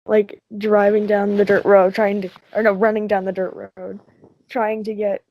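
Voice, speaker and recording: A woman's voice: mid-range voice, little pitch movement, normal speed, muffled recording. A teenage girl co-hosting a podcast, rambling through a dream story in casual chat and laughing between lines. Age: teens. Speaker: podcast co-host.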